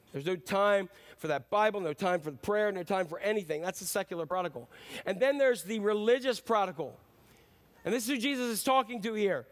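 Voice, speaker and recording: A middle-aged male pastor with a noticeably high voice delivers a sermon. He talks in a loose, conversational way and acts out the lines of the Bible characters he reads.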